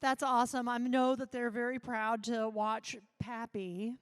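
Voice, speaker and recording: Upbeat high-voiced woman interviewer. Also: level tone, measured pace, smooth. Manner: upbeat, chatty. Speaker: live desk interviewer. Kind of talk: event interview.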